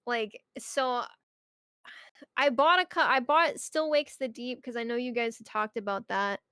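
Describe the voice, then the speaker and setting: A woman's voice: a little high, a little slow, pushed and bright, clean tone, no room sound, clean studio sound. A young woman streamer chatting casually and ranting about her job, swearing often and breaking into mock outbursts. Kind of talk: casual chat.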